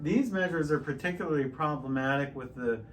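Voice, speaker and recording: A middle-aged man teaching piano in a relaxed, explanatory way, stopping and restarting often. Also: on the high side, fairly quick. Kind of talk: casual piano tutorial. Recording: piano loud in the background.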